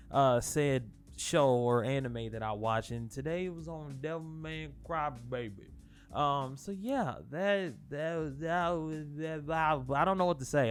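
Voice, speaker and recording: A man hosting his own channel, rambling casually through spoilers with lots of swearing, fillers and restarts. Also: fairly high pitch. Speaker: channel host.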